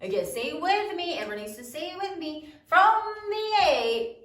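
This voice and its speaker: A woman's voice: high voice, big pitch swings, fast. A woman teacher leading a spelling lesson, sounding out words letter by letter in a sing-song cadence. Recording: roomy echo, voice a bit far from mic.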